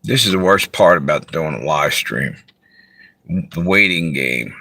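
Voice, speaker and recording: A man from Delaware talks loosely to viewers on a live stream from inside his parked car. His voice is bright and forward, and it sounds dry and close. He drifts between topics and pauses to read out comments. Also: rumbling low, vocal fry, no room sound. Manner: relaxed, rambling, reads out viewer comments. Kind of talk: casual live stream chat.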